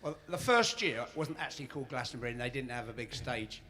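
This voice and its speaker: A man's voice: mid-range voice, animated, fast talker, sharp tone. A man in a band, dryly sharing festival trivia and tall tales with his bandmates. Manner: dry, shares trivia, tells tall tales. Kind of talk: casual banter.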